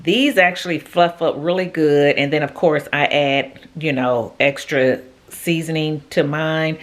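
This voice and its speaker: A woman's voice: low-pitched, a bit bright. A woman vlogger chatting casually to her viewers from her home kitchen while she cooks, with homey asides. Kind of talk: casual cooking vlog chat.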